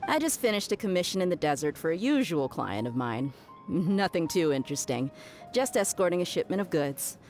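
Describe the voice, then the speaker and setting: An actress playing an easygoing, friendly female mercenary who talks in a calm, unhurried way. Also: fairly low pitch, faint music behind.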